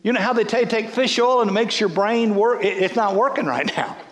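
A middle-aged male pastor preaching a sermon in an animated, joking way, with laughs and quick restarts. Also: high voice, in a large hall.

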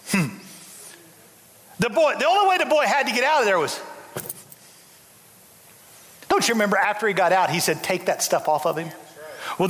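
A man preaches in a church, his voice pitched very high and bright. He jokes with the crowd and hammers refrains over and over. The hall gives his words a long reverberating tail. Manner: folksy, humorous, emphatic preaching with repeated refrains. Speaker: bishop preaching. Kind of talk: sermon. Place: church sanctuary.

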